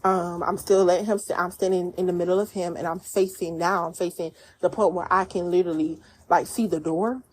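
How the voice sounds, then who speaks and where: Woman, casual storytime vlogger; low, mellow voice, faint background ambience. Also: brisk, few pauses, slight background noise. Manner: animated storyteller, quotes herself and others in dialect-rich speech. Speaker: vlogger telling a personal story.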